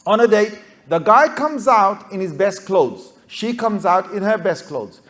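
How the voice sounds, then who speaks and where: A man speaking as an Islamic scholar to young students, animated and rhetorical, often checking in with "right?" and acting out everyday characters. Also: sits high, measured pace. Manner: acts out everyday characters with playful voices. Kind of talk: lively talk to a youth audience.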